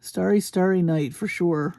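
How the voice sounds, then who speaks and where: A woman hosting a crafting video, gushing slowly and admiringly over beads with soft exclamations as she unboxes them. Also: fairly low pitch, gravelly, slight background noise. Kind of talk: unboxing commentary.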